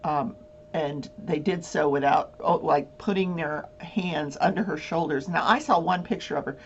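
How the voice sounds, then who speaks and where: Woman host rambling thru a story, laughs a lot, lots of ums, lowish voice, dull hummy sound. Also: normal speed. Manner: rambling storyteller who laughs often, many fillers. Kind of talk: casual chat. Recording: dull lo-fi with faint hum.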